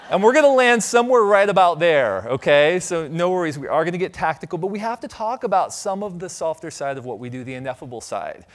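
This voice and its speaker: A middle-aged man from Ohio giving a conference keynote, telling stories with humor and asking the audience questions. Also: a little high. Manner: animated storytelling, audience asides, light humor. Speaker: conference speaker. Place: conference stage.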